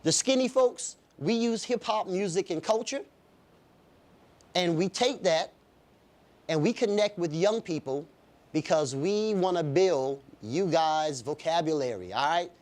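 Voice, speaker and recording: Guy giving an upbeat talk to a class of students, lots of ums and "all right?", voice sits a bit high. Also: expressive, unhurried, a little mellow. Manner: upbeat, many fillers, checks in with "all right?". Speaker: visiting hip hop educator.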